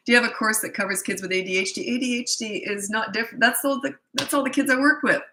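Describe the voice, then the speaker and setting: A woman's voice: fairly high pitch, fast, sharp tone, echoey room, poor audio. A middle-aged woman coaching parents in a casual Q&A, blunt, emphatic and repetitive. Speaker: parenting coach answering viewer questions. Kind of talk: casual live Q&A.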